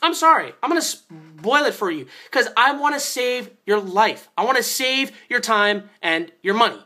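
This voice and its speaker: A young man at home, filmed on a handheld phone camera, ranting and swearing about a movie he hated, with yelled outbursts. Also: very high-pitched, expressive, moderate pace. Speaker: movie reviewer. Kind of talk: angry movie-review rant.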